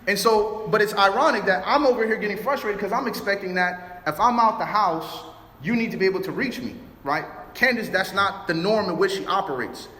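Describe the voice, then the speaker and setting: Man from Chicago giving a relationship talk: high, bright voice, animated storyteller who plays every part, echoing hall. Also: a little fast. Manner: animated storytelling, acts out both sides of arguments. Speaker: youth speaker. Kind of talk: relationship talk with personal stories. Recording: roomy hall reverb.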